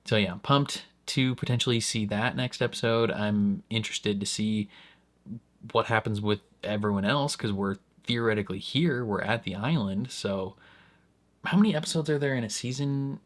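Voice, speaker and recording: A man's voice: fairly low pitch, normal speed. A man hosting a casual reaction review, rambling in an easygoing way, chuckling often, and jumping his voice up on asides. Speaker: reaction channel host.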